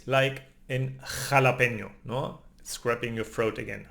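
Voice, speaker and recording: A man with a Spanish accent teaches pronunciation at an unhurried pace. His native-speaker voice carries a gravelly edge. He keeps checking in with a questioning tag after each point. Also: mid-range voice, fairly even intonation, a bit bright. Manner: explains patiently with tag questions, often adds "no?". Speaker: language teacher. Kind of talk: spoken pronunciation lesson.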